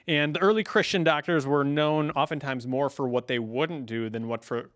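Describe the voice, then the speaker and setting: A man's voice: a little high, fairly even intonation, moderate pace, hardly any pauses, fairly bright tone. A man with a Wisconsin accent co-hosting a faith podcast, chatting casually and reading quotes aloud with emphasis. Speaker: podcast co-host.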